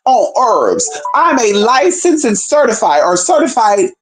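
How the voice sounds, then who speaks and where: A woman talking in a casual vlog monologue, animated and profane, often acting out other people's voices as a herbalist and hoodoo practitioner. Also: fairly high pitch, a little slow, poor audio. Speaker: self-described certified herbalist and hoodoo practitioner.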